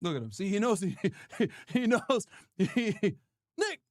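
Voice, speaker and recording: A man's voice: high-pitched, very animated, unhurried, dry recording, clean studio sound. A man hosting a livestream in a casual, slangy style, teasing and playfully scolding in repeated bursts. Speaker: livestream host.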